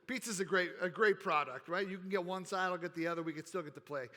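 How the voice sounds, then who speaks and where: A man giving an energetic keynote speech, playful and animated as he works the crowd in a large convention hall. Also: high-pitched, quick pace. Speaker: keynote speaker. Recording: reverberant hall.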